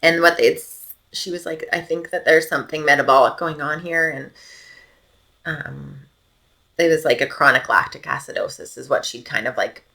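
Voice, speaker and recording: A woman's voice: deep voice, moderate pace, gravelly, pushed and bright. A Canadian woman in her thirties telling the story of her baby daughter's illness in a podcast interview. She talks casually, with many fillers, and often drops almost to a whisper. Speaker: podcast guest, mother.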